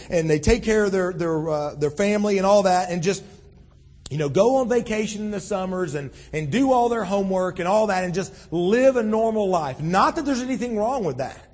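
High-voiced pastor in a reverberant hall. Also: male voice, a little mellow. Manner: conversational, many restarts and "you know". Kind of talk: sermon.

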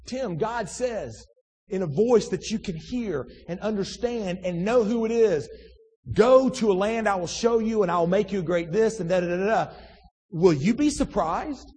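A man's voice: high-pitched, darkish tone, slightly rough. A man preaching a sermon in a loose, conversational way, reading scripture and then talking it over with many restarts and asides. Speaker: pastor. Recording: distant in a reverberant hall.

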